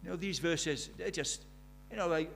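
Brief: middle-aged man preaching, voice a little high, swings between hushed and urgent, faint hum behind. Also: moderate pace, vocal fry. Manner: swings from hushed intimacy to loud urgent questions. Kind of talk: sermon.

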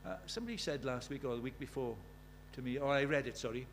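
A man's voice: mid-range voice, fast, slight background noise. A man preaching a sermon in a conversational way, asking the congregation many questions and reciting scripture with rising force.

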